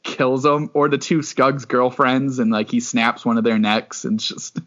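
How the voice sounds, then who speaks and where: A man of middling pitch co-hosts a podcast, rambling loosely through a story with plenty of fillers. The audio is muffled and lo-fi. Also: flat delivery, measured pace, a bit bright. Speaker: podcast co-host. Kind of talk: casual book discussion.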